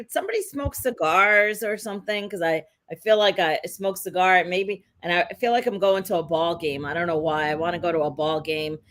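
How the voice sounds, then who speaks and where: A woman's voice: mid-range voice, fairly bright tone. A woman co-hosting a live psychic reading, rambling and hesitant with many fillers. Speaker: psychic co-host.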